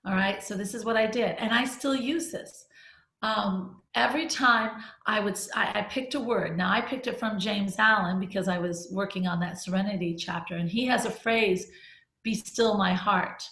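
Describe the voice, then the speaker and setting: A middle-aged woman leads a group discussion, sharing a personal story candidly and conversationally, restarting sentences and laughing along the way. Her voice sits at medium pitch with a slightly bright quality, and she speaks at a moderate pace. The room is echoey.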